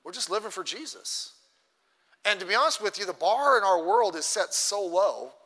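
A man preaching a sermon as pastor, telling a story with animated energy and building to exhortation before his congregation. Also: sits high, normal speed, in a large hall.

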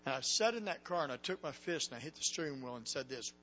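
A man preaching a sermon, telling a story with dramatic swings from hushed tones to loud cries. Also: medium pitch, animated, quick pace, few pauses, husky, big-room sound. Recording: dull lo-fi recording with faint hum.

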